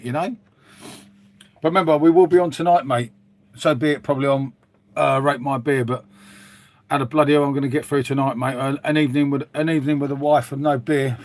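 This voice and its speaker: A man hosting a casual live stream, chatting to viewers in a rambling, matey way with the odd swear word. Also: medium pitch. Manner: chatty, rambling, says "mate" constantly, mild swearing.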